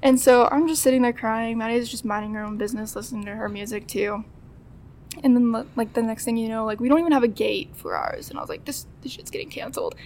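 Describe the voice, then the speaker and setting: A woman's voice: a little high, steady tone, fast, a little mellow, a little hiss or hum. A woman in her twenties telling a story as a podcast guest, chatty and often acting out what people said. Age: 20s. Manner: chatty, acts out quoted dialogue, laughs often. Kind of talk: casual storytelling.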